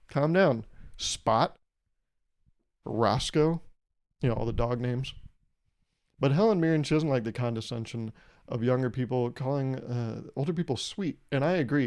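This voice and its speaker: A young man hosting a solo comedic podcast, rambling and irreverent, swearing freely and breaking into loud mock voices when he quotes people. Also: mid-range voice. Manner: profane. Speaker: podcast host.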